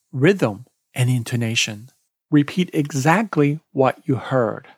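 Slow, lively-voiced male exam tutor. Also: fairly high pitch, no echo, studio quality. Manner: slow, deliberate, spells out links letter by letter. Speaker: exam prep podcast host. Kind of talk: scripted podcast lesson.

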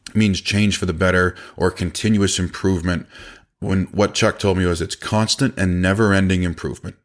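A man with a very low voice talks through a casual podcast monologue about running his company. He is blunt and plain-spoken, swears freely, and slips into quick impressions of his staff. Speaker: business owner and podcast host.

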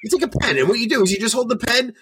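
A man putting on a brash, high-pitched fisherman. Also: background noise. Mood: excited. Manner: high, fast, animated demonstrating. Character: brash excitable fisherman teaching a stab.

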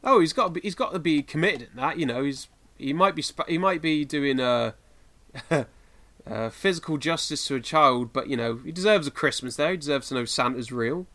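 A man's voice: a little high, lively intonation, fairly quick, sharp tone. A man from the United Kingdom co-hosting a podcast in casual chat, rambling with lots of fillers and laughing often. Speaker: podcast co-host.

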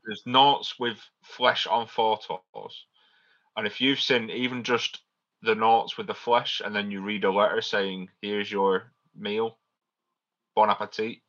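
A man's voice: fairly low pitch, steady tone, measured pace, fairly bright tone, highs cut off. A man co-hosting a casual podcast, pressing his point with questions. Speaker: podcast co-host. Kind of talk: casual chat.

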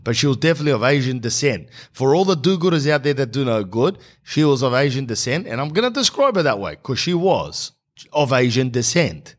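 A man's voice: mid-range voice, big pitch swings, brisk. A man, telling rambling, sarcastic comic stories in a blunt way. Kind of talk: comic storytelling monologue.

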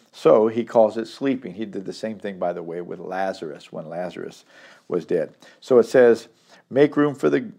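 Guy with a lowish gravelly voice teaching a bible chapter, reads a verse then hammers it home. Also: darkish tone. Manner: reads verses aloud then repeats and stresses them. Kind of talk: daily Bible study teaching.

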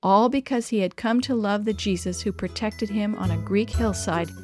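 A woman reading a children's story aloud in an expressive, measured way. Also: mid-range voice, loud music behind the voice.

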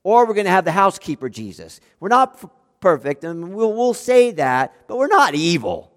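A man preaching a sermon as pastor, animated, swinging between loud emphatic outbursts and quiet, low-voiced asides. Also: moderate pace, big-room sound.

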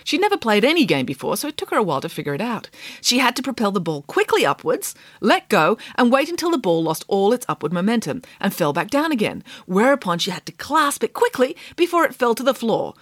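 A woman reading a comic storybook aloud with lively, theatrical comic timing. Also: fairly high pitch, fast, dry recording, clean studio sound.

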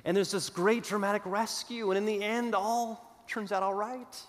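A man preaching a sermon, telling a story with dramatic pauses and moving between loud declarations and hushed asides. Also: sits high, fairly even intonation. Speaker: pastor. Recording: long hall reverb.

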